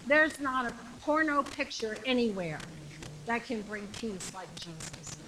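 A woman preaching a sermon with passion, repeating phrases and shouting the climactic lines. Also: fairly high pitch, animated, unhurried, background noise.

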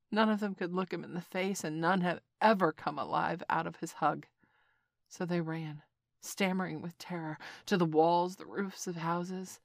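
A woman narrating a classic storybook in a measured, expressive way. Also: deep voice, dry recording, studio quality. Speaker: audiobook narrator. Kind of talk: scripted narration.

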